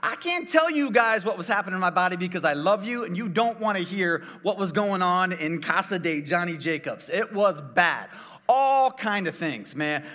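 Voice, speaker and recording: A man's voice: sits high, pushed and bright, in a large hall. A middle-aged man, a pastor, tells a funny personal story in a sermon, jokey and talking straight to his audience.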